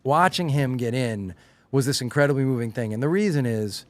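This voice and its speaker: A middle-aged man with a faint Long Island accent, recorded close on a dry mic with no room sound. He talks in an easygoing, animated way, often putting on the voices of the people in his stories. His pitch is middle of the range for a man. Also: a little fast, no echo. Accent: slight Long Island. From Long Island, New York. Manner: animated storyteller, acts out quotes with rising excitement. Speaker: podcast guest, showrunner. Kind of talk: casual chat.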